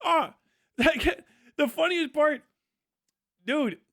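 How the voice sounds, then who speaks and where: Young male streamer with a high voice and a dry, close sound, on a crude, heated rant. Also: animated, normal speed, a bit bright, dry recording. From United States. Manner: profane, heated, mocking impressions. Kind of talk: ranting livestream monologue.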